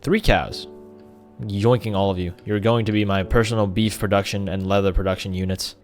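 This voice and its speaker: A man's voice: lowish voice, animated, moderate pace, soft background music. A man giving casual, jokey commentary over his gameplay and talking to the animals in the game. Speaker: gaming creator.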